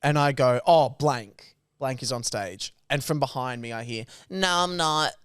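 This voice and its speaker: Animated, swearing man, smooth voice. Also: medium pitch, normal speed, no room sound, studio quality. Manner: animated storyteller, swears freely. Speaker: podcast host. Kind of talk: casual chat.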